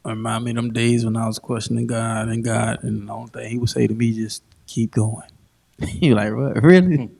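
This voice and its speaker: A man talks on a podcast with a gravelly, fry-laden edge to his middle-pitched voice. He is laid back and reflective, and he laughs through his stories. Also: fairly even intonation, a little fast, a little mellow. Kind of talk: casual chat.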